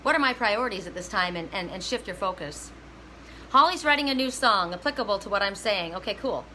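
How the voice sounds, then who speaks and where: A woman's voice: medium pitch, expressive, a little fast, bright, forceful tone, a little hiss or hum, low-quality recording. A woman giving a live oracle card reading, chatty and emotional, breaking into bits of songs.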